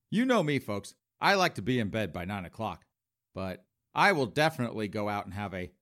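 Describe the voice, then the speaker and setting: Animated, campy male podcast host. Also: medium pitch. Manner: sarcastic, campy, mocking. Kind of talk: comedic monologue.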